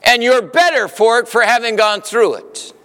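A man's voice: very high-pitched, moderate pace, bright, forceful tone. Emphatic male preacher in a reverberant hall. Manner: emphatic, shifting between urgent and soothing. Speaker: pastor. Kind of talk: sermon.

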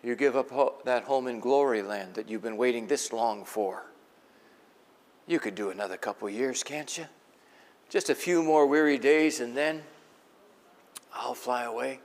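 A man's voice: mid-range voice, moderate pace. A man preaching a sermon in a conversational, folksy way, asking the congregation questions. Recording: long echo of a large hall.

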